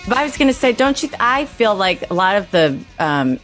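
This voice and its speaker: A woman's voice: medium pitch, very animated, fairly quick, fairly bright tone, faint music behind. A woman guest on a casual podcast, chatty and rambling as she tells stories from home over a video call. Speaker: guest, former sketch comedy writer. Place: at home with her dog.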